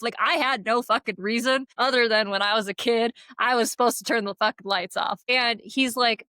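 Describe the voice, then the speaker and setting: A woman's voice: on the high side, fairly even intonation, moderate pace, hardly any pauses, pushed and bright, smooth, dry recording. A woman co-hosting a podcast in casual chat, blunt and profane, telling stories emphatically with frequent laughs. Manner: emphatic, talks in run-on bursts with fillers like "like" and "right?". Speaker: podcast co-host.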